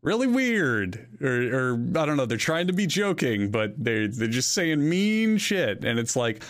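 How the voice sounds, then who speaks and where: A man's voice: medium pitch, very animated, a little slow, a bit bright. Easygoing man chatting on a podcast. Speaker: podcast co-host. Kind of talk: casual chat.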